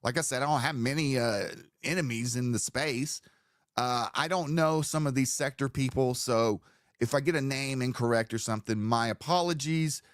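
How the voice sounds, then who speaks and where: A man's voice: medium pitch, normal speed, dry recording, clean studio sound. Profane rambling male streamer. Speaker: streamer host. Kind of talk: live stream commentary.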